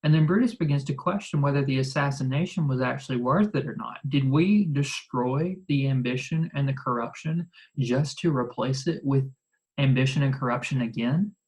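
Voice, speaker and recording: A teacher with a drawl talks through a recorded lesson in a loose, chatty way. The delivery is animated, full of "like," with exasperated asides to the class. Everything stays informal and conversational. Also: medium pitch, moderate pace, low-quality recording. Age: adult. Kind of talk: recorded lecture explaining a play.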